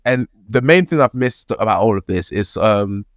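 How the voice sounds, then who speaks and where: A young British man, a podcast co-host, telling a story in an animated, casual way, laughing and swearing as he goes. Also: fairly low pitch, normal speed, dry recording, studio quality.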